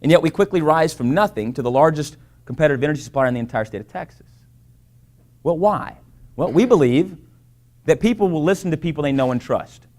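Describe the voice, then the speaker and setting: A man's voice: on the high side, expressive, a little fast, a little mellow. A man giving an emphatic sales presentation to a live audience, repeating key phrases and checking in with "right?" and "okay?". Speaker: business presenter.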